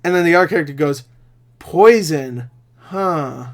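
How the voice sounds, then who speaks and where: Brief: male vlogger-critic, fairly high voice, rambling angry rant, frequent swearing. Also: normal speed. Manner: rambling, swears a lot, climbs high and loud when angry. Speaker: movie reviewer. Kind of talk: ranting solo video review.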